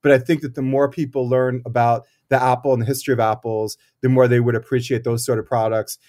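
A man's voice: medium pitch, level tone, mellow. A cider maker speaks in an ordinary middle voice, casual and thoughtful. He stops and restarts often, filling gaps with ums as he explains. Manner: thoughtful, halting, many fillers and restarts. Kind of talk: casual interview talk.

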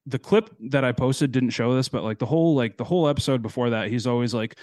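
A young man co-hosting a podcast in relaxed, casual chat, telling animated stories. He swears freely and laughs through his own stories. His voice is at a middle pitch and sounds dry and close. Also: fast, dry recording. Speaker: podcast co-host.

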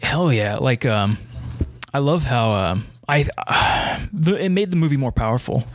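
A man's voice: medium pitch, expressive, unhurried. An American man co-hosting a casual movie podcast, easygoing, with lots of ums and laughs. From United States. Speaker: podcast co-host.

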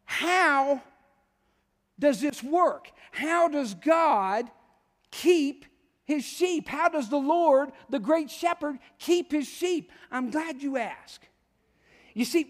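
A man's voice: very high voice, in a large hall. A man preaching a sermon as pastor, talking conversationally and often asking the congregation questions. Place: church sanctuary.

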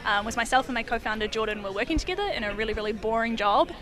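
A young woman with a New Zealand accent talks quickly in a chatty, upbeat way. Her voice sits a little high for a woman. She is a startup co-founder speaking casually as an interview guest.

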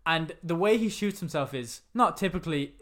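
A man's voice: on the high side, animated, moderate pace, a bit bright. A man co-hosting a film podcast, swearing a lot and mocking movies in a rambling, casual chat. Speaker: podcast co-host.

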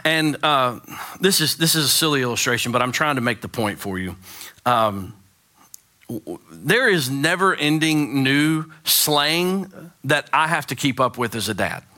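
Bright-voiced pastor preaching with humor. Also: male voice, mid-range voice, a little slow. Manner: animated, joking storyteller. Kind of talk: sermon. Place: church sanctuary.

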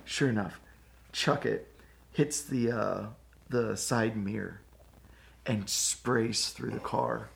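A man co-hosting a church podcast, chatting casually and telling animated stories. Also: fairly low pitch, slow, vocal fry, pauses often. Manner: animated storyteller. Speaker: podcast co-host. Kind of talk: casual chat.

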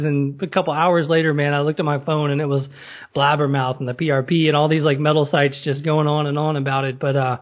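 A man's voice: on the high side, little pitch movement, fast talker. Rambling man asking questions, lo-fi sound. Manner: rambling, heavy on fillers like "you know". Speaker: podcast interviewer. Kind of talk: casual interview. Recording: slightly dull lo-fi sound.

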